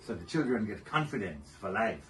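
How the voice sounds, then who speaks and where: An older man speaks in a low voice as an interview guest, his stories gentle and measured. He chuckles often. The mic sits a little off, and a faint hiss runs underneath. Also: big pitch swings. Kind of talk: reflective interview storytelling. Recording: somewhat distant mic with faint noise.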